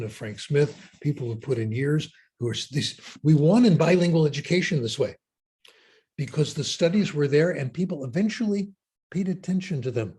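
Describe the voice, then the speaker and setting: A man giving a keynote talk and answering audience questions in an opinionated, animated way with wry asides. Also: fairly high pitch, slightly rough. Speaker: keynote speaker.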